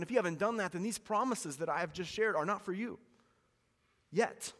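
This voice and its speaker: Male pastor, sermon delivery, lively storyteller, church hall reverb. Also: sits high, a little fast. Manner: animated storytelling preacher, repeats key lines.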